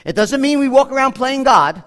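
High-voiced pastor preaching in a reverberant hall. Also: male voice, lively intonation, a little fast, a bit bright. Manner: earnest, conversational, with frequent restarts. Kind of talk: sermon.

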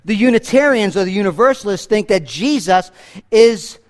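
High-voiced man preaching a sermon. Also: expressive, moderate pace. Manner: emphatic preaching with big swings in pitch and loudness; asks the congregation rhetorical questions. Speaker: pastor.

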